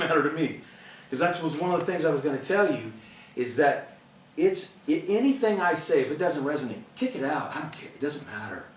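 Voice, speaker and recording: The voice here is a middle-aged man's, on the high side and far from the mic. Working as a motivational speaker, he talks to an audience in an earnest, conversational way and often breaks into laughter, all inside an echoey room.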